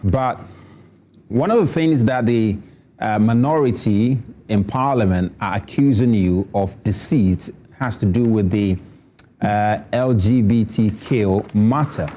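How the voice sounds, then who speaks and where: A man's voice: lowish voice, unhurried. A man hosting a TV morning show, moderating a debate and reading from the paper. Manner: calm moderator, reads aloud from newspaper. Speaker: TV show host.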